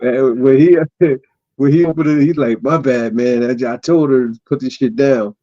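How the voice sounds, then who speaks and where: A man casually telling a wild story as co-host of a chat show, acting out the people in it with sudden jumps in his voice. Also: moderate pace. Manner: animated, acts out quoted voices with sudden pitch jumps. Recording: dull lo-fi audio.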